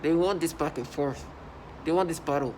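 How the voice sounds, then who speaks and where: A man's voice: a little high, normal speed, darkish tone, a little hiss or hum. A man talking to his camera in an agitated, indignant monologue, stopping and restarting often. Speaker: vlogger.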